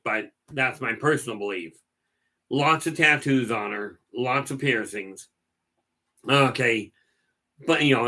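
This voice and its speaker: A man's voice: mid-range voice, bright, forceful tone. A middle-aged man hosting a livestream, telling stories in a folksy, rambling way and often repeating his words as he goes. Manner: folksy, digressive, repeats words while talking. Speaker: livestream host. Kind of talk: rambling casual storytelling.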